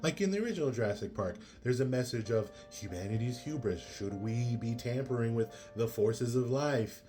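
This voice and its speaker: A man's voice: medium pitch, animated, moderate pace. Man, casual movie review, rambling, filler-heavy, exasperated, faint guitar music.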